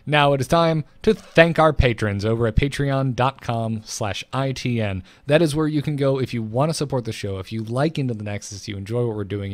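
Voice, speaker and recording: A man's voice: lowish voice, dry recording. A man co-hosting a casual gaming podcast, chuckling often as he thanks backers and reads listener mail. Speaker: podcast co-host.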